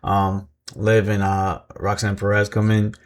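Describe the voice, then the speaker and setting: A man with a slightly low voice talks through a recap in a loose, rambling way. He fills gaps with "uh" and "um", chuckles often and pokes fun at himself. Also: completely flat delivery, a little slow. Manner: rambling, self-deprecating, many fillers and chuckles. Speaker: wrestling recap vlogger. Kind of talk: casual recap commentary.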